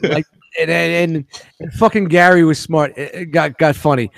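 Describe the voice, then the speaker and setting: A man's voice: on the high side, steady tone, moderate pace, creaky, no room sound. Rowdy man in a dry room. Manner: rowdy, laughing, swears a lot. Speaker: podcast co-host, toy vendor. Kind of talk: casual chat, storytelling.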